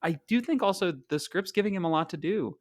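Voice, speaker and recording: A man's voice: sits high, animated, a little fast, no room sound, studio quality. Enthusiastic rambling male podcast co-host. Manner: enthusiastic, rambling with many fillers. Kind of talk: casual podcast chat about comics.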